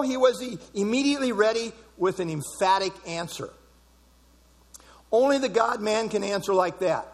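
A man preaching an expository sermon, emphatic and repeating key words for stress. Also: high voice. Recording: long hall reverb.

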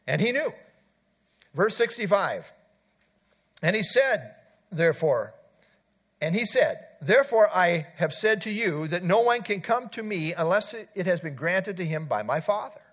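Male pastor, fairly high voice, animated conversational sermon delivery. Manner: lively, conversational preaching with asides.

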